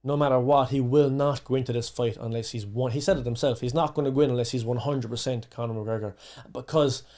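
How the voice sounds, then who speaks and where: A young man co-hosting a podcast, chatting casually and eagerly jumping in with his opinions. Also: medium pitch. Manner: animated, quick to jump in with opinions. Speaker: podcast co-host. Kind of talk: casual chat.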